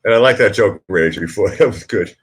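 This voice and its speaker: This middle-aged man hosts a relaxed live stream in a lowish voice at a brisk pace. He chats with viewers in a meandering way, cutting himself off and chuckling at his own humor.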